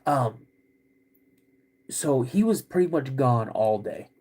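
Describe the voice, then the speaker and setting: A man hosting a podcast, vividly retelling a personal story in a halting way, with many restarts. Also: mid-range voice, animated, warm tone. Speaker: podcast host.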